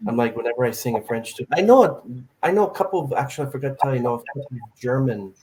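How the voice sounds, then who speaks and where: An animated male podcast host chatting casually with a guest. His voice sits in a middle pitch, and he tells stories with plenty of energy, slipping into little acted-out quotes along the way. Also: rapid-fire, slight background noise, poor audio. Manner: animated storyteller, acts out quotes. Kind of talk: casual chat.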